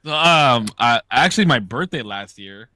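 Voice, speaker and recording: A podcast host chatting casually, cursing freely as he spins a story. His voice is bright and forceful. The sound is dry and close, with no room echo. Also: medium pitch, expressive, normal speed. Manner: loose, profane storytelling. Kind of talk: casual chat.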